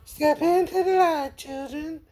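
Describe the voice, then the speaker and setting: A man putting on the voice of an elderly female psychic medium from a horror film, speaking slowly and soothingly in a thin, breathy falsetto. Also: mellow. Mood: serene.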